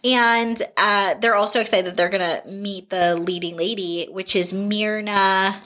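A woman's voice: medium pitch, measured pace. A woman co-hosting a podcast, chatting casually about a film with lots of laughter and fillers. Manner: animated, laughs often, fillers. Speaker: podcast co-host. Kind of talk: casual film review chat.

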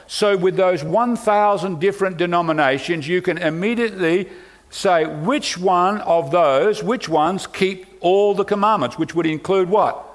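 A man preaching a sermon as pastor, emphatic, asking rhetorical questions and acting out quoted voices. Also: high voice.

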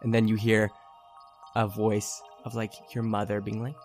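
A man's voice: fairly low pitch, monotone, normal speed, darkish tone, soft background music. A man narrating as game master in a tabletop game, casual and loose.

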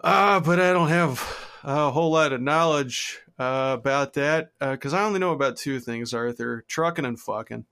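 A man's voice: fairly high pitch, moderate pace, fairly bright tone, clear, resonant tone. A young man co-hosting a comedy podcast, chatting in a crude, easygoing way and laughing often. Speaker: podcast co-host. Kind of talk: casual comedy podcast chat.

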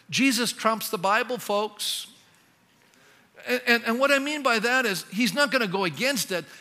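Male pastor, sermon; high, bright voice with long hall reverb; animated, asks the room questions.

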